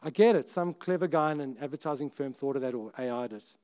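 A man preaching a sermon in an earnest, conversational way, breaking off to restart sentences and suddenly getting louder. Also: medium pitch, quick pace. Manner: earnest, conversational, with self-interrupting restarts and sudden rises in volume. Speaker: pastor.

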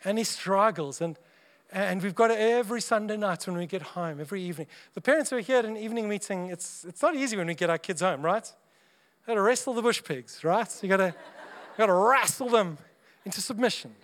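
A man's voice: high-pitched, lively intonation, fairly quick, fairly bright tone. A man and father preaching a sermon to a congregation, chatty and humorous, often acting out little dialogues as he goes. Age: adult parent of young children.

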